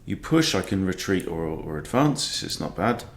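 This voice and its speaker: A man's voice: deep voice, sing-song, moderate pace, slight background noise. A middle-aged man, a chess coach, giving self-mocking, exasperated live commentary on his own online games, sighing as he goes. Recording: echoey room.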